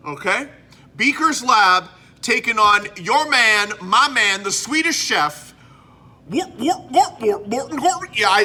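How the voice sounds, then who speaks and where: High, lively-voiced man from Canada. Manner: rambling, self-interrupting, chatty. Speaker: host. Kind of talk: casual collectibles show-and-tell.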